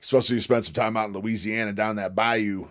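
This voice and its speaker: A fairly low-voiced man hosts a livestream in a slight Southern drawl. He talks loosely and casually to his viewers, swears freely and chuckles between remarks. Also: steady tone, quick pace, a bit bright. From northern United States. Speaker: livestream host.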